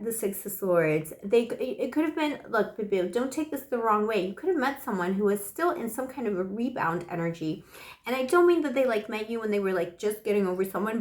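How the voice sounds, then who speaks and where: A woman reads tarot cards in a loose, casual monologue and showers the listener with pet names. Her voice is hoarse, and a dry cough from the flu still hangs on. The room around her sounds echoey. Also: mid-range voice, expressive, fairly quick. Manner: affectionate, chatty, full of pet names. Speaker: tarot reader.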